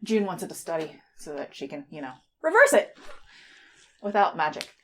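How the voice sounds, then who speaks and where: A woman's voice: sits low, big pitch swings, normal speed. Composed woman playing a tabletop character. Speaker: player. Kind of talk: tabletop role-play.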